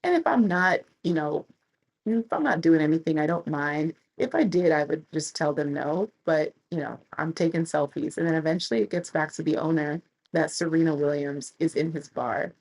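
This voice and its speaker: A woman in her thirties, a travel vlogger telling stories casually, acting out quotes with big jumps in pitch. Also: normal speed, darkish tone, husky, low-quality recording. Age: 30s. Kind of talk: casual storytelling.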